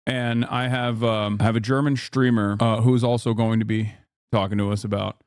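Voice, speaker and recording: A man hosting a livestream, talking casually and haltingly with lots of fillers. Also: mid-range voice, level tone, darkish tone, clean tone, no room sound, studio quality. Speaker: streamer host.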